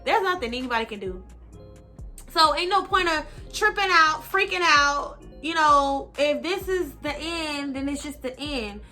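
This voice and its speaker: High, bright-voiced young woman telling a story. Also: measured pace, faint music behind. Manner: slangy, profane, animated storytelling. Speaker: vlogger. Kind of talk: casual storytime.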